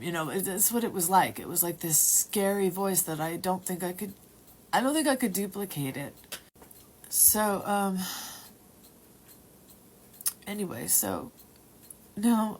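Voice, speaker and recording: A woman at home telling a personal story in a rambling, halting way, sometimes dropping to a whisper. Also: lowish voice, slight background noise. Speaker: testimony speaker.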